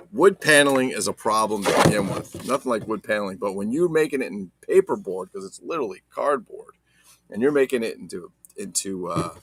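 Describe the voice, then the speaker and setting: A man's voice: lowish voice, a bit bright, a little hiss or hum. A man hosting a casual toy unboxing vlog, joking and talking to viewers while handling items, with mock-dramatic asides. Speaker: toy collector host.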